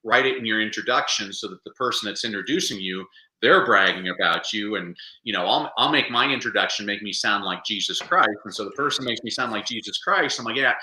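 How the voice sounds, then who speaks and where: Bright, animated male storyteller. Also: fairly low pitch, fairly quick, roomy sound, rough recording. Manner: animated storyteller, acts out quotes. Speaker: guest speaker. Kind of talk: podcast interview.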